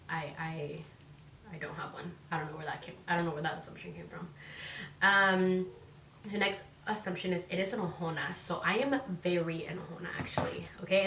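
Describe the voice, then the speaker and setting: A woman's voice: lowish voice, fairly bright tone, slight background noise. A young woman from Northern California, chatting casually to camera as a vlogger, full of "like" fillers and free swearing. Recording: echoey room, voice a bit distant.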